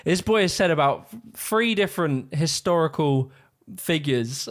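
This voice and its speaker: A man's voice: high-pitched, big pitch swings, unhurried, fairly bright tone. A man ranting sarcastically in exasperated, profane commentary on a video he is watching. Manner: sarcastic, exasperated, swears freely. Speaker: YouTube reaction commentator.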